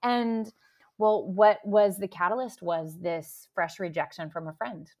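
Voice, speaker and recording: A middle-aged woman guest, an author and pastor, recounts a personal story with open emotion and bursts of laughter. Her voice sits in an ordinary middle register. She talks candidly, as in a relaxed interview. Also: mid-range voice, a little slow.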